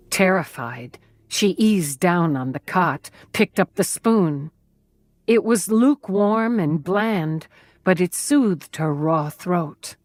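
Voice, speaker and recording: A woman narrating a thriller audiobook in a slow, measured, even way. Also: lowish voice, no room sound.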